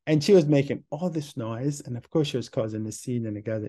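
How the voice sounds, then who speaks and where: A man hosting a podcast, telling a story in a relaxed, rambling way. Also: mid-range voice, brisk, hardly any pauses. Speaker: podcast host. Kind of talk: casual podcast monologue.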